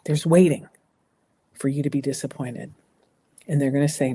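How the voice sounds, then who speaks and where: A middle-aged American woman appears as a guest speaker on a talk show, offering earnest, emphatic advice and repeating phrases for emphasis. She softens her voice for reassuring lines. Her voice is very deep and slightly rough, with fairly even intonation and a moderate pace.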